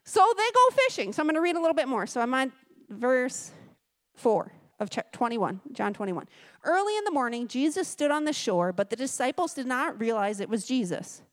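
A woman's voice: sits high, sing-song, a little fast. A woman giving a conversational sermon, reading scripture aloud with chatty, joking asides. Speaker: guest speaker at a church service. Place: church service.

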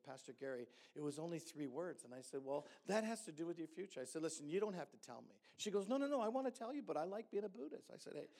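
A man, a pastor, telling a story in a sermon and acting out the dialogue with lively energy. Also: fairly high pitch. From Hamilton.

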